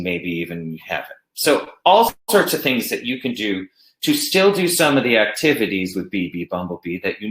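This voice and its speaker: A man's voice: mid-range voice, a bit bright. A man, a music teacher, giving an online workshop that explains classroom games and speaks chants in rhythm. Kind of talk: online teacher-training presentation. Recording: echoey room.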